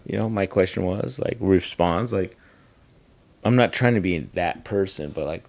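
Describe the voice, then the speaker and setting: A man's voice: deep voice, moderate pace, creaky, darkish tone, no echo. A man in his thirties co-hosting a podcast, talking candidly about family and swearing freely. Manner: candid, swearing, acts out quoted dialogue. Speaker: podcast co-host. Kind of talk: casual chat.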